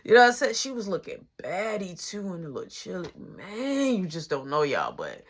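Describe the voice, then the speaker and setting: A woman telling a story in an animated, slangy way, acting out all the voices. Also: on the low side, normal speed, breathy edge. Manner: animated, slangy, acts out every voice. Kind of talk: casual storytelling.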